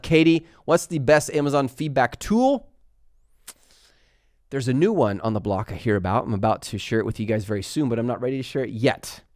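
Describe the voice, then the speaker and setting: A young man hosting a live stream, chatting fast and laughing as he answers viewer questions. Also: mid-range voice, no echo, studio quality. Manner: fast-talking. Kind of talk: live Q&A chat.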